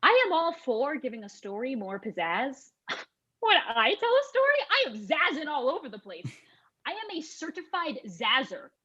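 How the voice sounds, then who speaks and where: A woman's voice: sits high, huge pitch swings, moderate pace, sharp tone, dull audio, exaggerated voice. A young actress playing an earnest young woman terrified of chimpanzees, speaking in an overly formal, dramatic manner. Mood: chiding. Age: young adult. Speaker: actor in a student comedy sketch. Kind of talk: stage comedy dialogue.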